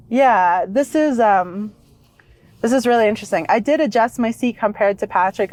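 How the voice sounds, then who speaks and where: A woman co-hosting a car review vlog, chatting casually and excitedly, laughing easily, from inside a vehicle and beside it. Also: medium pitch, dry recording. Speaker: vlog co-host.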